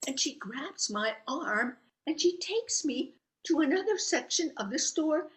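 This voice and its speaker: A woman's voice: high voice, a little slow. A woman telling a personal story at a live storytelling event, acting out her own quoted lines with drama. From United States. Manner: animated, dramatic, acts out quotes.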